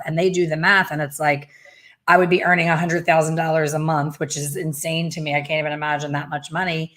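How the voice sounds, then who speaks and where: Chatty middle-aged woman, low-pitched. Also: fast talker. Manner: chatty and animated, with playful self-mocking asides. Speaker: hair color educator and host. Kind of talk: casual video chat interview.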